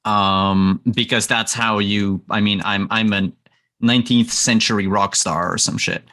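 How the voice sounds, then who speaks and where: A man's voice: lowish voice, fairly even intonation, a little slow, sharp tone. A man talking casually as a player while planning a tabletop role-playing game, hesitant and stammering with wry asides.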